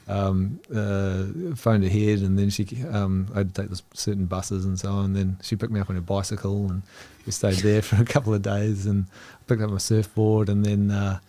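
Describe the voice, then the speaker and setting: Low-voiced New Zealand man rambling. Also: monotone, moderate pace, few pauses, warm tone, no room sound. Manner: rambling, laughs between phrases. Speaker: guest. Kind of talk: casual storytelling.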